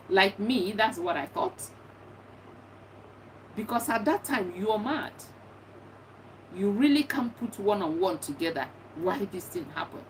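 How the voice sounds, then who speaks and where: Earnest middle-aged woman, distant mic. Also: medium pitch. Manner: earnest, repetitive, encouraging. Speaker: bereaved mother giving advice. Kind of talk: personal testimony talk. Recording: distant mic with faint background noise.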